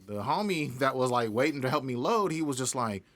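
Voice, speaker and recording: A young man speaks as a guest in a casual interview, his voice bright and forceful. He tells his story in an animated way, laughing often and acting out what other people said. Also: medium pitch, a little fast. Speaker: independent music artist, guest.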